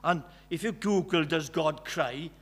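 A man's voice: a little high, a little slow, breathy edge. A man with a Welsh accent, from West Wales, preaching a sermon in an earnest, emphatic way, repeating key phrases. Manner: earnest, emphatic with many repetitions.

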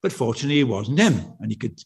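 A man's voice: medium pitch, sing-song, quick pace, vocal fry, darkish tone, slightly rough. A man preaching a sermon in a church, talking in a conversational way, telling stories and asking his listeners questions. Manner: conversational, anecdotal, full of rhetorical questions.

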